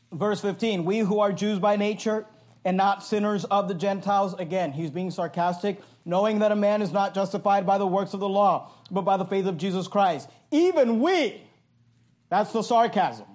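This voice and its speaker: A pastor preaching an emphatic sermon, reading verses aloud and explaining them line by line. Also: male voice, high voice, darkish tone.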